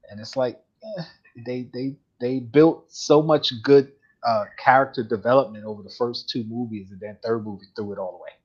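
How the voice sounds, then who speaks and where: A man's voice: medium pitch, steady tone, normal speed. A man hosting a live collectibles show, talking casually in a rambling, chatty way and laughing often. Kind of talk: casual live-stream chat. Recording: dull lo-fi stream audio.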